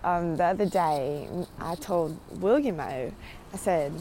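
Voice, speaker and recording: A young woman in her twenties chats loosely into her phone, her voice sitting a little low and wandering from thought to thought with plenty of "like". She is pacing outdoors in a parking lot. A faint hum of traffic and open air lies underneath. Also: animated, a little slow, dark tone. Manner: chatty, meandering, full of "like"; walking and pacing while talking. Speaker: vlogger. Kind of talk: casual rambling monologue.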